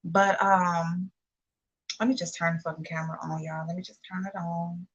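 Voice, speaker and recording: A woman's voice: lowish voice, flat delivery, moderate pace, dull audio. A young woman hosting a casual livestream while doing her makeup, chatty and a little nervous, greeting viewers by name. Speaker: beauty YouTuber hosting a livestream.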